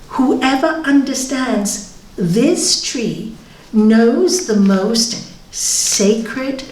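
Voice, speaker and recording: A middle-aged woman, a yoga teacher, giving a reflective spiritual talk with readings, laughing softly between points. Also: a little high, far from the mic. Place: yoga centre hall. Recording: roomy, from off the mic.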